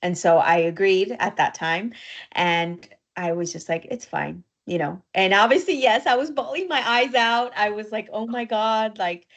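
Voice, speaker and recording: A woman co-hosting a podcast, telling a personal story in an emotional, halting way, near tears. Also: medium pitch. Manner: emotional, halting, with fillers and soft laughs. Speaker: podcast co-host.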